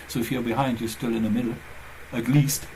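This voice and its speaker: A man's voice: medium pitch, level tone, fairly quick, noisy background. A man hosting his own channel, chatting casually and rambling as he thinks aloud, with phrasing. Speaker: channel host. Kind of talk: casual chat.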